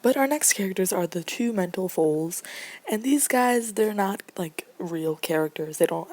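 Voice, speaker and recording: Woman, casual casting call explainer, rambling with fillers, slips into near-whispers, dark mellow tone. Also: mid-range voice, lively intonation, moderate pace.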